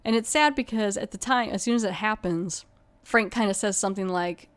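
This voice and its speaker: A woman's voice: medium pitch, brisk. Chatty woman podcast host retelling a plot. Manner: chatty, rambling, many "like" and "you know".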